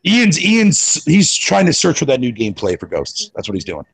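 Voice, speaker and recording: A man's voice: on the high side, wildly swooping pitch, normal speed, gravelly, slightly rough, no room sound. A man, a guest on an online show, chatting casually, swearing often and laughing as he rambles. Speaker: podcast guest. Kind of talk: casual chat.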